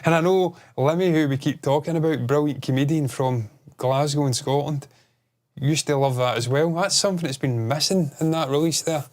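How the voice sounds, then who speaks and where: Excitable, sweary man co-hosting a podcast. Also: a little high, moderate pace. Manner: excitable, swears a lot, rambling. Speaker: podcast co-host. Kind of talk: casual podcast chat.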